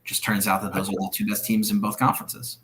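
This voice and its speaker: A man's voice: lowish voice, little pitch movement, quick pace, a bit bright, slight background noise. A man co-hosting a casual sports podcast, earnest and opinionated as he makes his case. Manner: earnest, opinionated, argues his points steadily. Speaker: podcast co-host.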